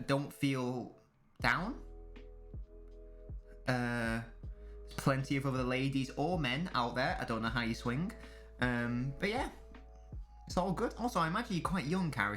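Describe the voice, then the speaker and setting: A man's voice: medium pitch, fairly bright tone. Guy on a stream, chatting with chat over the football, music faintly underneath. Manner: casual banter with chat, swearing. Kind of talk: live match watchalong commentary.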